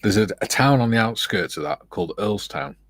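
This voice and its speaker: This is an English man with a low, deep voice, hosting a casual live video chat. He rambles cheerfully between viewer comments. The sound is dry and close. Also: animated, brisk, a bit bright, no echo. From England. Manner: chatty, amused, loose and rambling. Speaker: livestream host. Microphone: streaming setup, video call.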